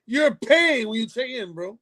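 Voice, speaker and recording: A man co-hosts a podcast in loose, casual chat. His voice sits very high, and he talks in streetwise slang, hammering points through repetition. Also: expressive, unhurried, pushed and bright. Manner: streetwise slang, repeats for emphasis. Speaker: podcast co-host.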